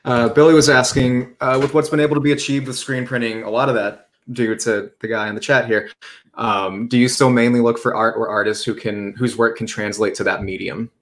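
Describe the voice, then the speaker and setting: A man's voice: mid-range voice, fairly even intonation, a little fast. A man co-hosting a casual chat, relaying viewer questions in an easygoing, hesitant way. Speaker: co-host reading chat questions.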